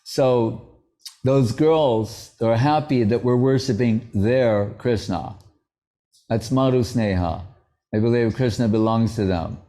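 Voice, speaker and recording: A man delivers a spiritual lecture in a mellow, relaxed voice of ordinary pitch. He keeps it conversational, illustrating points with stories and lightly comic asides. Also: takes it slowly. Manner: conversational, anecdotal, playfully acts out quotes. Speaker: spiritual teacher. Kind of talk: devotional lecture.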